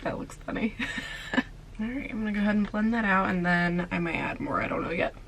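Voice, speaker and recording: A woman's voice: medium pitch, fast, vocal fry, fairly bright tone, slight background noise, poor audio. A young woman vlogger, tired and sleepy, chatting casually through a makeup tutorial with lots of filler words. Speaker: beauty vlogger.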